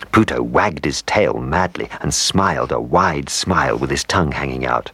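A man's voice: low-pitched, a bit bright, slightly rough, dry recording. A man reading a children's story aloud, playful, with asides to the listener.

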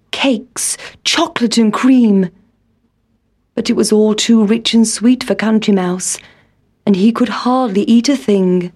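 A woman reading a children's storybook aloud in a slow, clear, expressive way. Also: mid-range voice.

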